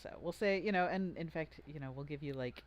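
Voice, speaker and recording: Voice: medium pitch, brisk, muffled recording. A game master running a tabletop game, explaining rules in a chatty, joking way with lots of fillers and restarts.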